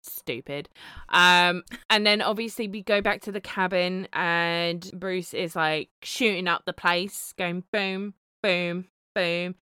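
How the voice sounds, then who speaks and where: Woman, podcast co-host, casual animated chat, bright tone, dry sound. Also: on the low side, a little slow, hardly any pauses, smooth, no echo. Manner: animated, laughing, swears freely.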